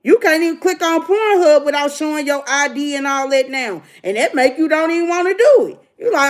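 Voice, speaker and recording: A woman's voice: high voice, lively intonation, fairly quick, hardly any pauses. Blunt preachy woman ranting to viewers. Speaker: livestream host. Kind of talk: casual livestream rant.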